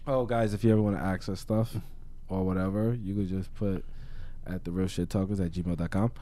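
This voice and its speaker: A man's voice: low-pitched, steady tone, brisk, dark tone. A man co-hosting a podcast, chatting casually with slangy, laughing banter. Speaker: podcast co-host. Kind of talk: casual chat.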